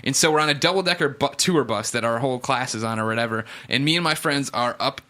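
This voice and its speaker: A man casually telling a story on a podcast, animated and laughing often as he talks. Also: medium pitch, fast talker.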